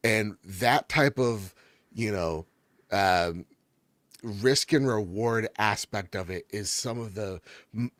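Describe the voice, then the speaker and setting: A man's voice: on the low side, slow, fairly bright tone, no echo. A man co-hosting a gaming show in casual chat, enthusiastic and jokey, rambling as he raves about games. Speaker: gaming podcast co-host.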